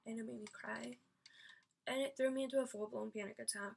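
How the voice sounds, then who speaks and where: Woman, vlogger, rambling emphatic storytelling, swears casually, slightly high voice, raspy. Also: fairly even intonation, brisk. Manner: rambling and emphatic, many fillers, swears freely. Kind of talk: personal storytelling rant.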